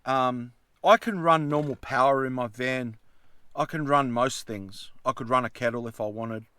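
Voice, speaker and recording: Chatty man with a bright voice. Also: mid-range voice, normal speed, clear, resonant tone, no room sound. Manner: chatty, colloquial, meandering storyteller. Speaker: vlogger. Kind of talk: casual rambling vlog chat. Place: inside his camper van.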